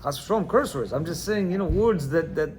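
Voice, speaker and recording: A man's voice: on the high side, lively intonation, brisk, a little mellow. A man teaching a religious class, reading from a book and explaining each passage in plain words and checking in with his listeners. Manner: talks in bursts with many restarts.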